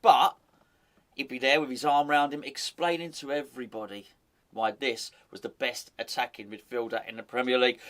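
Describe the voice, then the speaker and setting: A man's voice: medium pitch, normal speed, fairly bright tone. A man hosting a football fan channel, giving chatty, opinionated commentary with wry asides.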